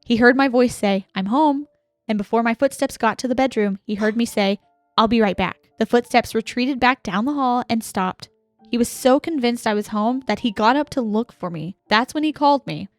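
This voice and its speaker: A young woman with a fairly high voice reads listener ghost stories aloud in a calm, reserved way. She is recorded close on a dry mic, with faint music behind her. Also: normal speed, dry recording. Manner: calm, reserved reader, laughs easily. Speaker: podcast co-host reading listener stories. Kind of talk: casual chat and reading stories aloud.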